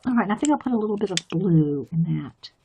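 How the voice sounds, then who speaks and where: A woman's voice: mid-range voice, animated, fast, mellow, a little hiss or hum. A woman chatting in a rambling, easygoing way and laughing often while she colors on a live stream. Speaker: artist streaming a coloring demo. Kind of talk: casual chat while drawing.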